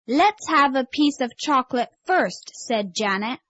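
A woman reading a short story aloud on an English course tape, slow and measured. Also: high voice, animated, a bit bright, dry recording. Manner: clear, measured storybook delivery. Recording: dull lo-fi tape audio.

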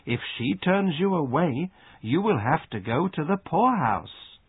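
A man's voice: fairly high pitch, sing-song, measured pace, breathy edge, no echo, pitched above the performer's own voice, heavily acted. A man voicing a household maid in a read-aloud story, stern and lecturing. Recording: dry phone-like sound.

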